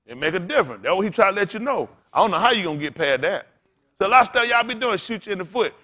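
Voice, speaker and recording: A man preaching a sermon in a high, bright voice that cuts through the room. He talks bluntly and casually, swears freely and keeps throwing questions at his listeners. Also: big pitch swings, rapid-fire. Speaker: pastor.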